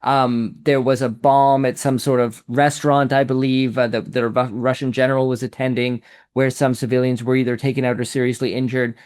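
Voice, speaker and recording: A man's voice: mid-range voice, flat delivery, a little fast, a little mellow, clear, resonant tone. A man hosting an interview, asking long, conversational questions. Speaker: podcast host.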